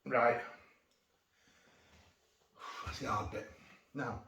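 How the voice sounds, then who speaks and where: A food vlogger tastes cheese on camera, rambling and joking in a medium-pitched, fairly even voice that moves slowly with long pauses. He's recorded on a phone rather than an external mic, so it sounds roomy and distant, with faint noise.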